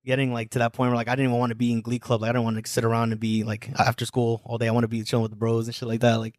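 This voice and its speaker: A guest musician in his twenties from New Jersey, United States, races through his story on a casual podcast in a completely flat, mid-range voice. His talk is slangy and rambling with lots of filler phrases, recorded in the studio with no echo.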